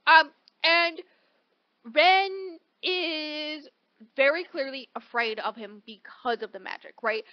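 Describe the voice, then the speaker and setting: A woman co-hosting a podcast, recapping a novel in animated, casual chat full of "like" and "right?", with casual swearing. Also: high voice, slow, dry recording, lo-fi sound. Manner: animated storytelling, peppered with "like" and "right?". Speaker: podcast co-host.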